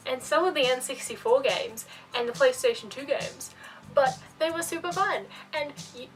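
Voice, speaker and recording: Young woman vlogger in her twenties, high voice, sits back from the mic with faint music underneath; animated, sweary rant. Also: recorded from a distance, low-quality recording. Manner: animated and profane, ranting with mocking asides. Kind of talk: casual ranting vlog. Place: home room by a bookcase.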